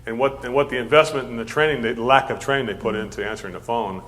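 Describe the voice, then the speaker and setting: A man hosting a casual interview about customer service, talking quickly and often repeating words as he thinks. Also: mid-range voice. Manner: fast, animated, repeats words while thinking. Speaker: host and service trainer.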